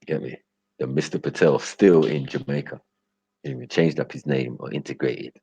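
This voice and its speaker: A young man hosting a live stream banters with his chat in loose street slang, rambling and laughing often. His voice is a rumbling low, steady, mellow, and husky, at a moderate pace. The stream audio is dull and lo-fi with no echo.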